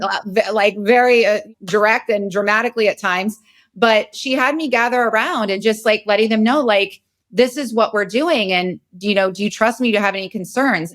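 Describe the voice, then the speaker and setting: A woman in her forties hosting a podcast, telling a personal story in a candid, emotional, rambling way, and sounding very tired. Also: medium pitch. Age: 40s. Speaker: podcast host.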